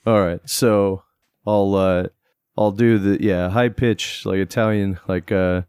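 Slow, low-voiced male player, dry close recording. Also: steady tone, darkish tone, clean tone, no echo. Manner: slow, unhurried, playful. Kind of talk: casual tabletop play.

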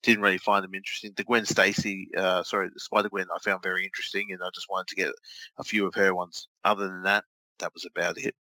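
A man with a very low voice and a sharp, bright edge to it talks in loose, rambling podcast chat. He mocks himself, restarts often and fills gaps with "uh". The sound is close and dry. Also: level tone, fast, no room sound, low-quality recording. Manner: rambling, self-mocking, many fillers and restarts. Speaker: podcast co-host. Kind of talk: casual chat.

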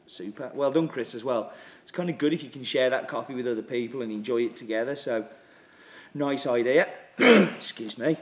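A man's voice: mid-range voice, moderate pace. A man hosting a coffee show, chatting casually and reading out viewer comments with plenty of fillers. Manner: relaxed, chatty, with many fillers and throat clearing. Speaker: coffee subscription show host.

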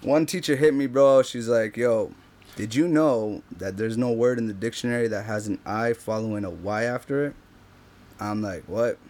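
A man's voice: medium pitch, moderate pace, a little mellow. A man chatting casually on a podcast as a guest, joking around and saying "bro" often. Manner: laid-back, joking, says "bro" a lot. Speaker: guest rapper.

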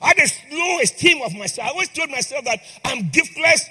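A man's voice: very high voice, animated, brisk, sharp tone. A man preaching a sermon in a church, impassioned and calling on the congregation to respond. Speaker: priest. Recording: long hall reverb with faint music.

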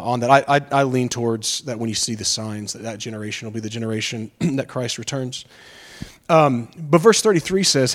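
A man preaching a sermon in a conversational, impassioned way, joking with the congregation. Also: medium pitch. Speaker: pastor.

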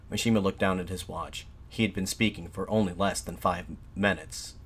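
Low-voiced man narrating history. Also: fairly even intonation, fairly quick, hardly any pauses, a bit bright, slightly rough. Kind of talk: scripted documentary narration.

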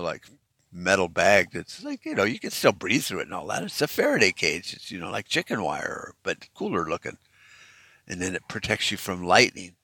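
A man's voice: fairly low pitch, pushed and bright, no echo. A middle-aged man in a casual opinion monologue, ranting bluntly and swearing freely as he talks. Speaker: vlogger.

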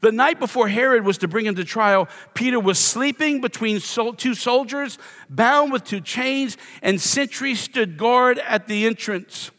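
Middle-aged male pastor from Louisiana, high-pitched, wry self-mocking sermon storyteller, long reverb of a church hall. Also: unhurried, fairly bright tone. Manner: self-deprecating storyteller, playful asides. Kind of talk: sermon with humorous personal story.

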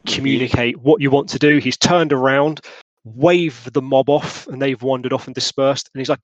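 Game master narrating casually. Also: male voice, medium pitch, moderate pace, dry recording, lo-fi sound. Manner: relaxed, rambling, many fillers. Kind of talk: narrating a tabletop role-playing game.

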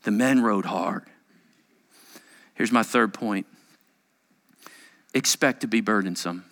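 A male pastor preaching a sermon dramatically, moving between loud urgency and hushed near-whispers. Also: fairly low pitch, slow pace, big-room sound.

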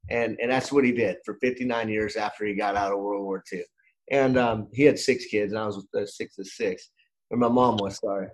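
A man's voice: on the low side, fairly even intonation, fairly quick, poor audio. A middle-aged man hosting a podcast, telling a story in a loose, rambling way with many restarts. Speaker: podcast host. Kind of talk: casual podcast conversation.

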